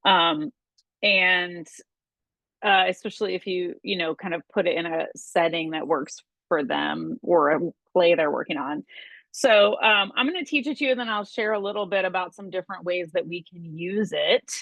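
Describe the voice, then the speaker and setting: Brief: low, gravelly female teacher, halting with ums, dry close sound. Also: fairly bright tone, no echo, muffled recording. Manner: hesitant, many ums. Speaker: theatre teacher. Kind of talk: casual workshop instruction.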